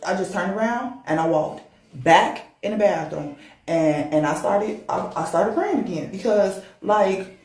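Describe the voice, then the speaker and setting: A woman tells a personal ghost story in casual, animated speech, often repeating words for emphasis. Her voice sits mid-range. The room adds a clear echo. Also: medium pitch, moderate pace.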